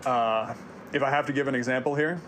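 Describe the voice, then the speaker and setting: A man's voice: medium pitch, fairly even intonation, fairly quick, fairly bright tone, slight background noise. A man around thirty, hosting a personal video series, narrating scripted reflections in an earnest, confessional way.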